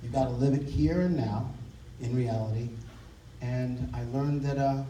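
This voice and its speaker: A man's voice: medium pitch, moderate pace, background noise. A man telling a wry, self-mocking comic story on stage at a live show. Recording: distant roomy live stage recording.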